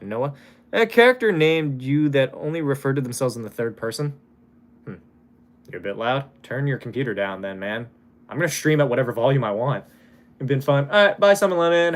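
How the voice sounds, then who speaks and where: A man's voice: medium pitch, sing-song, brisk, a bit bright. A young man from Hawaii chatting casually on a live stream, reading donations and swearing now and then.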